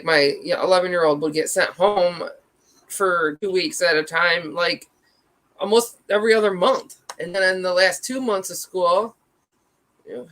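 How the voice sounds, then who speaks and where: A woman's voice: lowish voice, fairly bright tone, low-quality recording. A woman in her thirties chatting casually on a livestream, rambling, reacting to chat and swearing freely.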